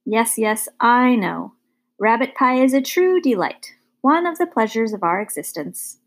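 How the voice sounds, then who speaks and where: A woman's voice: fairly high pitch, lively intonation. Woman voicing Bull, courtly bearded hobo. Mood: kindly. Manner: formal, fond, unhurried speech. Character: enormous bearded male hobo, gentle and courtly.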